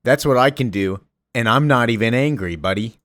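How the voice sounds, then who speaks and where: A man's voice: mid-range voice, normal speed, a bit bright, a little hiss or hum, close to an everyday voice. Thanos, a boastful cosmic tyrant, as a man reads him. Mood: menacing. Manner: casual, slangy threats.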